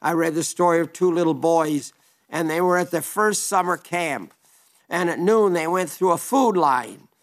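A man preaching a sermon in an earnest, emphatic way, quoting old-fashioned scripture. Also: high-pitched.

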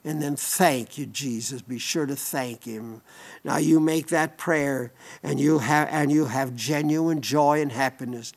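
An older man delivering a sermon, earnest and folksy, often breaking off and restarting his sentences. His voice sits a little higher than most men's. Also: unhurried, gravelly. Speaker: preacher.

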